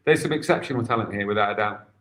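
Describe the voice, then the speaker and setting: A man's voice: on the low side, rapid-fire, fairly bright tone. A man, a guest football coach, talking in casual chat with a few stammered restarts.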